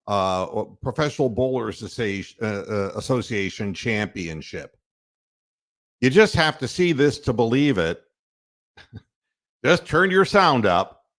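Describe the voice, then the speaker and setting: A man hosting a podcast, ranting sarcastically and swearing freely. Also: on the low side. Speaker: podcast host. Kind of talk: profane rant.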